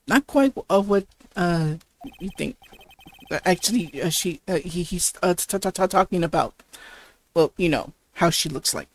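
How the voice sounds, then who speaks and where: A let's play host giving casual commentary between game lines, halting and restarting often. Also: medium pitch, animated. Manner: halting, many restarts and stammers.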